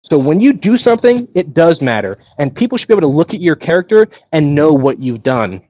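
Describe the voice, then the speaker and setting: A man's voice: a little high, sing-song, a little fast, warm tone, dry recording. Rambling gamer man on a lo-fi mic. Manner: rambling gamer talk with restarts. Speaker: lead tech engineer. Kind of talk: casual AMA livestream chat.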